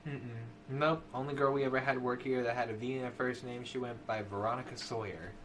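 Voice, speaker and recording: A man's voice: mid-range voice, fairly even intonation, a little fast, fairly bright tone, a little hiss or hum, close to an everyday voice. A man voicing a petite, scarred young woman who works as a dancer, easygoing and amused. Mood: casual.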